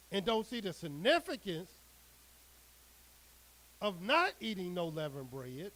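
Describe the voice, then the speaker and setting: Slow, animated male preacher. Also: high-pitched, poor audio. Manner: emphatic, drawn-out preaching cadence. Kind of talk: sermon with scripture reading.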